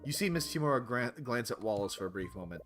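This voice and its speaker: This man reads a visual novel out loud as he plays, speaking quickly in a mid-range voice with faint music in the background. He's lively, switching into different character voices and adding his own commentary between lines.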